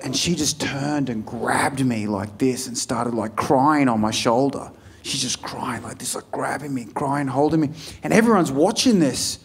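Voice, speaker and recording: An Australian man doing a stand-up set, telling stories in a loose, profane, animated way and acting out what people said. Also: medium pitch, a little slow, breathy edge. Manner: profane, animated storytelling with acted-out quotes. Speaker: stand-up comedian. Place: comedy club stage before a live audience. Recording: live club crowd audible. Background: audience laughter.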